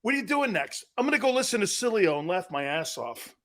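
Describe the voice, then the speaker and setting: A man's voice: high voice, very animated, fast talker, a bit bright. A man doing a stoned laughing caller. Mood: mocking stoned. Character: stoned male caller buying weed, laughing.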